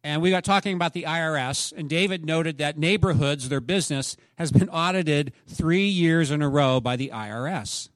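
Middle-aged pastor guy preaching, bit higher voice, swells loud then goes quiet, dry close mic. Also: normal speed, few pauses, dry recording. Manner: preacherly, rising to emphatic peaks then dropping soft. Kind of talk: sermon.

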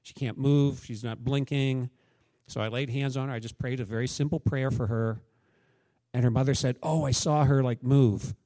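A man's voice: medium pitch, steady tone, moderate pace, dark tone, dry recording. A man preaching a sermon as pastor, candid and conversational, telling stories and acting out quotes.

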